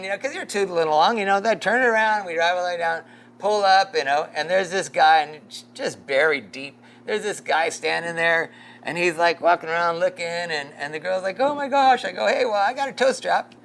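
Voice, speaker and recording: A pastor leading a casual Bible study, rambling through a story with lots of fillers and chuckles. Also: male voice, high-pitched, fairly bright tone, slight background noise.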